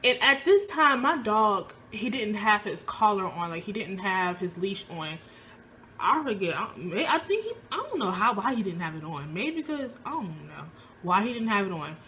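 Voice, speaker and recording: A woman's voice: mid-range voice, moderate pace, slight background noise. A young woman telling a personal story in casual speech, acting out what people said in a raised voice. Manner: animated, acts out quoted lines in a raised voice. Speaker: vlogger.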